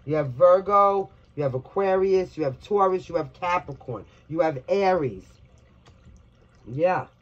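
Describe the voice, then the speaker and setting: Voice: medium pitch, expressive, unhurried, lo-fi sound, a little hiss or hum. Blunt, salty Brooklyn tarot reader. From New York, Brooklyn. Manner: blunt, chatty, swears freely. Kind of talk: casual tarot reading for viewers.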